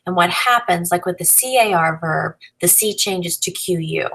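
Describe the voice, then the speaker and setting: A woman with a low voice and a gravelly edge gives a recorded lesson. She explains grammar patiently, step by step, and spells out letters along the way. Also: moderate pace, fairly bright tone, poor audio. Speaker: Spanish teacher.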